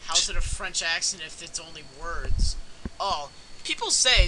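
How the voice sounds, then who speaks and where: Let's play cohost, high animated voice, teasing jokester, noisy recording. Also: male voice, a little slow. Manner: joking, teasing, playful bits and mock accents. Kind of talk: casual game commentary.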